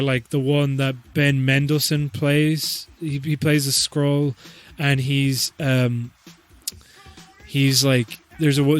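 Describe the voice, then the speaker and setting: A man hosting a podcast, riffing in a profane, rambling, joking way with frequent laughs. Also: mid-range voice. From Ireland. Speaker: podcast host. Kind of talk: comedic rambling chat.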